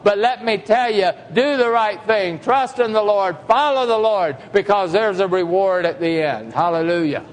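A man preaching a sermon to a congregation, emphatic and full of rhetorical questions. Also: sits high. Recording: long hall reverb.

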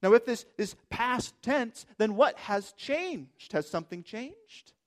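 A man's voice: very high voice, animated, slow pace. A man preaching a sermon as pastor, emphatic and asking rhetorical questions.

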